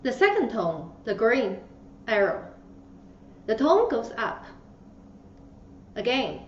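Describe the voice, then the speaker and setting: Woman language teacher, slow and patient, dull roomy recording with faint hiss. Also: a little high, big pitch swings, distant mic. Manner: patient, demonstrates tones with exaggerated syllables. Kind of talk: slow instructional lesson.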